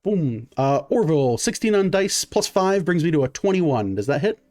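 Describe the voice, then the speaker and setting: Guy game-mastering a tabletop game, kinda high voice, lotta uhs, chill. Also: moderate pace. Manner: relaxed, many "uh" fillers, counts out dice. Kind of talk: running a tabletop game, casual narration.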